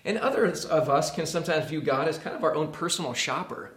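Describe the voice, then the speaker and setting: A man's voice: on the high side, brisk. Earnest preacher man in an echoey room. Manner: earnest, swings from hushed to emphatic. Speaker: pastor. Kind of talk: sermon.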